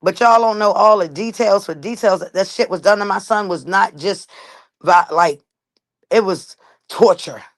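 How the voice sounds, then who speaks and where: A woman's voice: mid-range voice, moderate pace. A woman speaks straight to her viewers, telling her own story in a blunt, emphatic way with plenty of swearing. The recording is dry and close, with no room echo.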